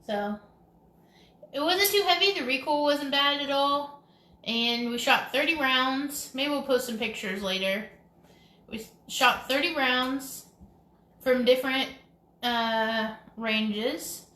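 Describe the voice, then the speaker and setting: A woman's voice: high-pitched, slow pace, pushed and bright. A woman co-hosting a casual live stream, chatty and giggly, rambling from topic to topic. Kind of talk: casual chat. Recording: echoey room.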